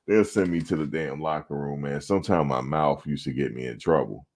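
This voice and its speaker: A man hosting a sports talk show, telling a profane, animated story about his playing days. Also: very deep voice, measured pace, pauses often. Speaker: show host. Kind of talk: casual storytelling.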